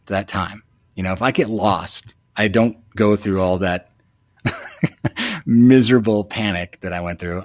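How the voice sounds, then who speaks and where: A man in his thirties, a new father, telling a personal story in a reflective, halting way with many fillers. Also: sits low, dry recording, studio quality. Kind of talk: casual storytelling.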